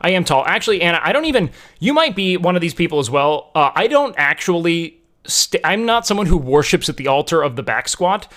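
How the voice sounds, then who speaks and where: A man's voice: on the high side, sing-song, a little fast, a bit bright. A young man streaming, chatting casually with viewers and explaining lifting technique, rambling with many fillers and restarts. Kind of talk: casual chat answering viewers about lifting.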